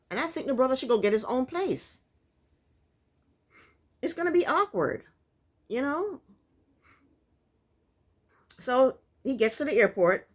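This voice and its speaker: A woman recapping a reality TV episode in casual, opinionated commentary, talking straight to her viewers. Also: medium pitch. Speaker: TV recap vlogger.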